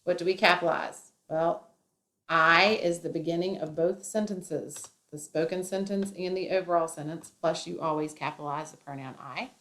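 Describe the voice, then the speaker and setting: A woman's voice: on the low side, moderate pace, a bit bright. A woman teacher explaining a grammar lesson step by step, with playful asides.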